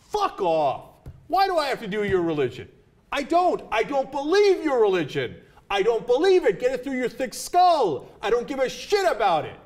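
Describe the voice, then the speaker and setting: A male host, fed up, swears his way through an angry opinion segment. His voice sits very high and moves a lot. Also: huge pitch swings, normal speed, a little mellow. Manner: profane, exasperated. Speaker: talk show host.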